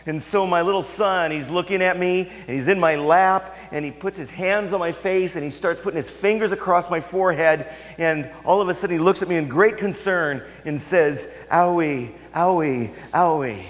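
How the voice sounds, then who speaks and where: A man preaching a sermon as a pastor, telling a family story and dropping to hushed, intimate tones for emphasis. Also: high voice, normal speed, few pauses. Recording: long hall reverb.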